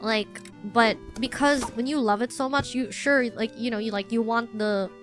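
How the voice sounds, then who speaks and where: A woman's voice: fairly high pitch, fairly even intonation, moderate pace, faint music behind. A woman streaming as a VTuber, chatting casually and rambling with lots of restarts about herself. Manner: rambling, self-deprecating, many restarts. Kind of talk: casual livestream chat.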